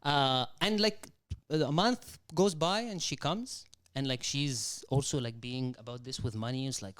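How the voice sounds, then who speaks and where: A man's voice: medium pitch, measured pace, a bit bright, no room sound. A young man on a podcast, telling a rambling story in casual chat and acting out quotes from his mother. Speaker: podcast guest.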